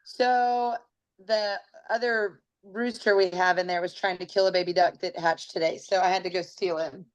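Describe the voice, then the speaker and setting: A woman's voice: fairly low pitch, fairly even intonation, moderate pace, muffled recording. A woman, a mother, chatting casually on a video call and reading her notes aloud. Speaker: book study participant, mother. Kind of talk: casual group discussion.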